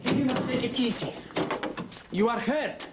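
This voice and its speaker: A man's voice: very high voice, measured pace, over loud music. An actor playing a worried man urging someone hurt to take it easy. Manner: concerned, cautioning. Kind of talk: TV drama dialogue.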